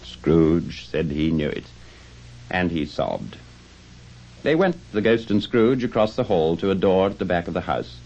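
A man narrating a classic tale in an expressive, dramatic reading style. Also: sits low, measured pace. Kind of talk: scripted storybook narration. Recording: dull lo-fi recording with faint music.

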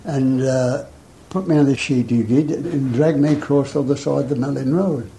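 An older man recalling events in a halting, plain-spoken way in an interview. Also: medium pitch, mellow, slight background noise, low-quality recording. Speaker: war veteran interviewee.

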